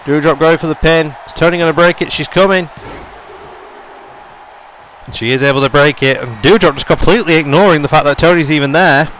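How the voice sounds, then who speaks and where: Young male gaming YouTuber, slightly high voice, play-by-play caller who gets loud on big moments, faint background hiss. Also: brisk, long pauses. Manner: running commentary, rising to excited shouts on big moves. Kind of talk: play-by-play game commentary.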